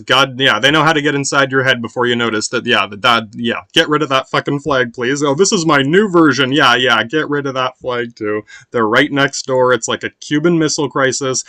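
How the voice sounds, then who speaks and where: Dude rambling on a podcast, cussing a lot, saying yeah constantly, mid-pitched, dry close sound. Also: male voice, brisk, few pauses, pushed and bright, no room sound. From United States. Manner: meandering, profane, constant "yeah" fillers. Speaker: podcast host. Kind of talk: rambling casual monologue.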